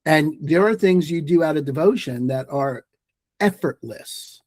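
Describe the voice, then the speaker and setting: Emphatic man, fairly high voice. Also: expressive, unhurried, a little mellow, no room sound. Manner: emphatic, storytelling, repeats phrases for effect. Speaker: guest, mindfulness teacher and author. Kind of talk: podcast interview.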